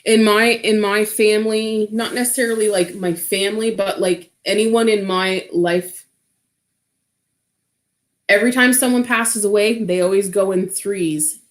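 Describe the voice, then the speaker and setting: A woman streamer recounting a personal story at an unhurried pace. She rambles, restarts, and fills her sentences with "like," in a mid-pitched voice. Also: fairly even intonation. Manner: rambling, full of "like" fillers.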